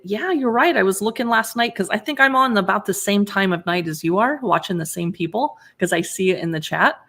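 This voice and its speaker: A woman who blogs about cookbooks, chatting casually on a live stream as she pages through recipes and answers viewers in chat. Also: medium pitch.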